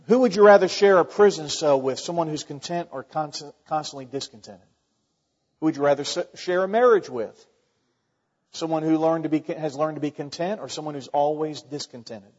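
A man's voice: on the high side, darkish tone. A man preaching a sermon in a conversational way, firing off rhetorical questions and often restarting his sentences. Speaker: pastor. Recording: muffled sound with long hall reverb.

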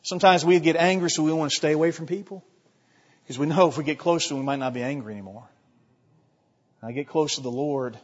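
Guy preaching a sermon, kinda high voice, gets loud then real quiet, muffled echoey hall. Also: fast, long pauses. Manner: impassioned, swings from loud to hushed, clears throat often. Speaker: pastor. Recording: muffled sound in a reverberant hall.

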